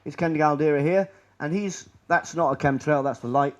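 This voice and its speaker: A man's voice: on the high side, moderate pace. Sardonic man giving a rambling talk. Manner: rambling, sardonic, trails off quietly. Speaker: presenter. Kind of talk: public presentation. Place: lecture room.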